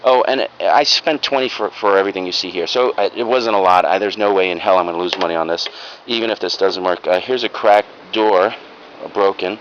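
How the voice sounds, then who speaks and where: In a low voice and at a slightly fast pace, the man presents his secondhand finds as a reseller vlogger. The show-and-tell haul is casual, rambling, frank and heavy on ums and uhs, shot as a lo-fi home video with obvious background noise.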